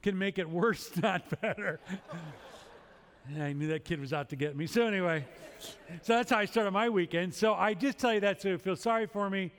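A man's voice: high voice, quick pace, clean tone. A middle-aged male pastor preaching a sermon, telling a story with humorous, self-deprecating asides. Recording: long hall reverb.

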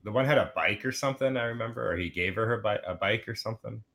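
A man's voice: on the low side, fast, vocal fry, crowd noise. A man in casual chat, eagerly chiming in and agreeing with his co-host. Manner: eager, agreeing, laughs along. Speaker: podcast co-host.

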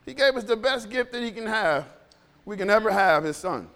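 A man preaching a sermon in a church, animated and joking, often laughing as he talks. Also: high-pitched, normal speed, in a large hall. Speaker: pastor.

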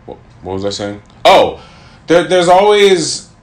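A man's voice: fairly high pitch, sing-song, measured pace, echoey room. A man co-hosting a podcast, chatting casually, rambling and stumbling over repeated words. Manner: rambling, loses his train of thought, repeats words. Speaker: podcast co-host. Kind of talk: casual chat.

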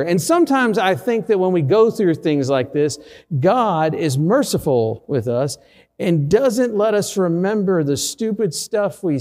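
A man's voice: on the high side, a little mellow, long reverb tail. A middle-aged man, a pastor, preaching a sermon through a personal story with self-deprecating humor.

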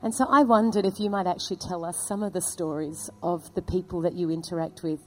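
A woman interviewing a guest, animated as she sets up her question. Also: lowish voice, a little fast, a little hiss or hum, low-quality recording.

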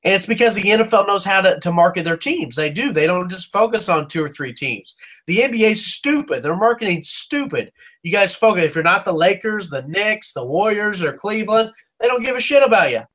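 A man's voice: high-pitched, animated, a little fast, sharp tone. A man co-hosting a casual sports podcast, ranting with heat, swearing and stumbling over restarts. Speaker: podcast co-host.

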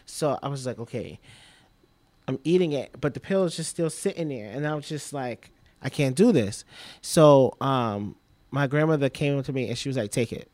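A man's voice: mid-range voice, lively intonation, moderate pace, a little mellow, no echo. Rambling, candid man telling his story. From Trinidad. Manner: rambling, repeats himself, heavy use of "like". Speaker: guest.

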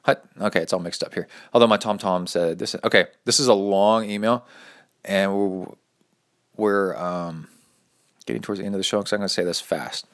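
Low-voiced podcast guy, chatty and goofy, reads fan emails with a bit of drama. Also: fairly even intonation, a bit bright. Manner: chatty and playful, reads emails with dramatic flair and quick asides. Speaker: podcast host and triathlon coach. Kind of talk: casual podcast chat, reading listener mail aloud.

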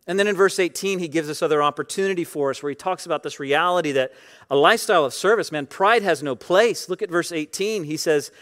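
Pastor guy preaching, chatty, says like a lot, bit high voice, goes quiet then loud. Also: quick pace. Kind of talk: sermon.

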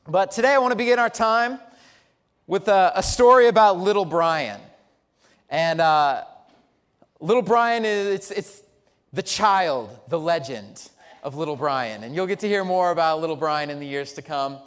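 High-voiced pastor preaching in a church. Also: male voice, normal speed, clean tone. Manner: lively, chatty storytelling with humor. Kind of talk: sermon. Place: church sanctuary. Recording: long church reverb.

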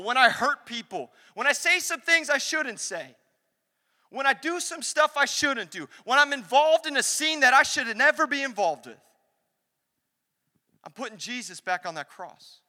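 A young man preaching a lively sermon in a church, acting out the voices he quotes. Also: very high-pitched. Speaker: pastor. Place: church sanctuary. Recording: long hall reverb.

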